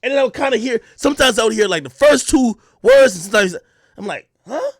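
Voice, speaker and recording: A man tells a story to his stream viewers in a high, animated voice that leaps up and down in pitch. He curses freely and bursts into shouts when he reenacts moments. The sound is dry and close to the mic. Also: fast, dry recording.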